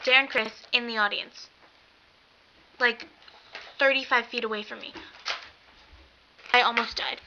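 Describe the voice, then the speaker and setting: A young woman vlogs from home, gushing and rambling with plenty of fillers. Her voice is very bright and sits a little high. The webcam audio is dull and lo-fi, with a faint hiss behind it. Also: fairly even intonation, a little slow, pauses often. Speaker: vlogger. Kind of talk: excited casual vlog.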